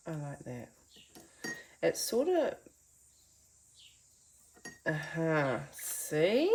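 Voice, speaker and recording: A woman's voice: sits low, very animated, takes it slowly, gravelly, long pauses, a little mellow. A woman giving a chatty, encouraging painting tutorial from her home art studio, talking to viewers as friends. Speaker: art teacher.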